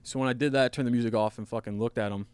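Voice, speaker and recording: A man's voice: mid-range voice, steady tone, rapid-fire, clear, resonant tone, dry recording. A man telling a rambling, profane story on a casual podcast, laughing at himself as he goes. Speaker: podcast host. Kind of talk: casual storytelling among friends.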